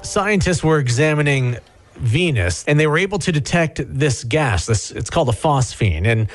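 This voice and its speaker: A man's voice: a little high, lively intonation, moderate pace, faint music behind. A man co-hosting a show, explaining news stories casually with wisecracks. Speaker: radio show co-host.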